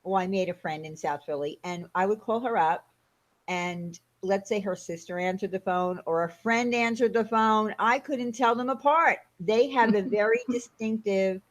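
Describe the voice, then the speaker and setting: A woman with a New York accent hosting a casual chat over a video call, telling stories in a chatty, animated way. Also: mid-range voice, normal speed. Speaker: host.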